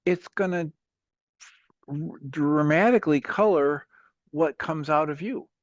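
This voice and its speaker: A man's voice: fairly high pitch, measured pace, dry recording, dull audio. Patient male talk show host, dry sound. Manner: earnest, patient, steady counseling. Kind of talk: calm advice on a call-in show.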